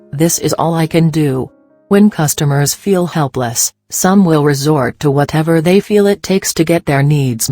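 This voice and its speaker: Steady narrator reading a training script. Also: medium pitch.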